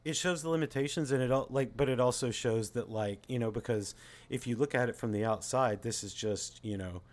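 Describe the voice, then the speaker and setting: A man's voice: mid-range voice, a little fast. Man, podcast co-host, casual history chat, profane, rambling, lots of fillers.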